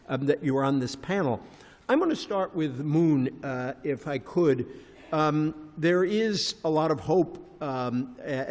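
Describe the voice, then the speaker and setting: A man moderating a conference panel, genial and wry, with halting speech and fillers. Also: a little high. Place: large conference hall. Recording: reverberant lecture hall.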